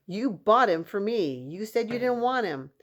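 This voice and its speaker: A woman's voice: medium pitch, lively intonation, normal speed, pitched above the performer's own voice, close to an everyday voice. A woman voicing an anxious, protective boy who talks urgently. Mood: scolding. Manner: urgent, scolding.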